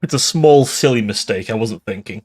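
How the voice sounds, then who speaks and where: Tipsy male game streamer, sweary, animated in pitch, casual chat. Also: normal speed, slightly rough. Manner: swears a lot and laughs often. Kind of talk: casual gaming livestream commentary.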